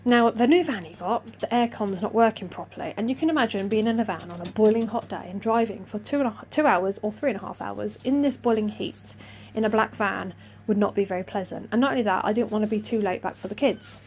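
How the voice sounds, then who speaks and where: A woman's voice: medium pitch, quick pace, darkish tone, slight background noise. A middle-aged woman telling a long personal story in a casual, rambling, self-deprecating way, acting out her own remarks. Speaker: vlogger.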